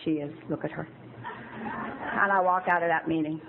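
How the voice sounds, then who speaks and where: A woman's voice: sits low, fairly even intonation, normal speed, vocal fry. A woman in her fifties giving a candid, emotional recovery talk at a meeting. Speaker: AA speaker. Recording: tinny phone-like old tape with faint hiss.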